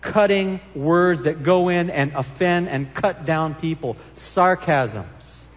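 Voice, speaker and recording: High-voiced preacher in a reverberant hall. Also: male voice, slow, lo-fi sound. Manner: earnest, emphatic preaching with scripture reading. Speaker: pastor. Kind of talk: sermon.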